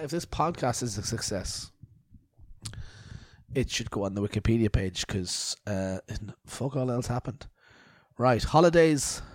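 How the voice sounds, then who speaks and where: A man's voice: mid-range voice, no room sound, studio quality. Sweary man with a cough. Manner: rambling, sweary, mock-outraged, self-mocking. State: bad cough. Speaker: podcast host. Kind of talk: rambling solo podcast chat.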